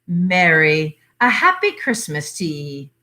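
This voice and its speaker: A woman doing a cunning old country aunt who speaks in a soft, knowing dialect, her voice swooping with secret amusement. She talks unhurriedly and brightly, as if sharing a long-kept joke. Storybook reading. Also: on the low side, big pitch swings, slow, full character voice. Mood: sly. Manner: knowing, chuckling, broad dialect.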